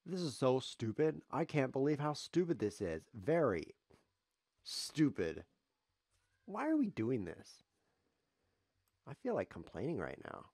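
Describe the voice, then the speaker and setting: A man's voice: medium pitch, huge pitch swings, measured pace, long pauses, a little mellow, dry recording, studio quality. A man commenting live on his own chess game as a streamer, sarcastic, self-mocking and grumbling.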